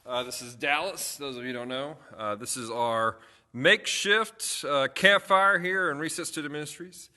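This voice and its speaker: A man's voice: fairly high pitch, moderate pace, sharp tone. A young man, a youth pastor, chatting casually on a livestream and telling stories with lots of fillers and restarts.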